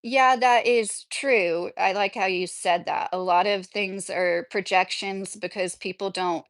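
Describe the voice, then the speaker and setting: A woman's voice: mid-range voice, steady tone, unhurried. A woman in her late thirties, a YouTuber ranting casually to camera, indignant and rambling with restarts and frequent fillers. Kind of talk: casual political rant to camera, reading comments.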